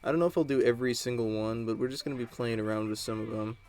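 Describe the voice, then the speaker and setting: A man's voice: medium pitch, rapid-fire, darkish tone, faint music behind. A man giving casual gameplay commentary, rambling and chatty as he tells stories while he plays. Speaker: gaming channel host.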